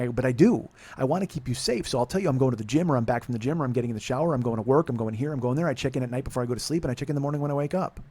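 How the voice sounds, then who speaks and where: Middle-aged man, rapid rambling monologue, heavy swearing, restarts constantly. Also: mid-range voice, mellow, husky. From California. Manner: rambling, profane, self-interrupting storytelling. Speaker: podcast host. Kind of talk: confessional monologue.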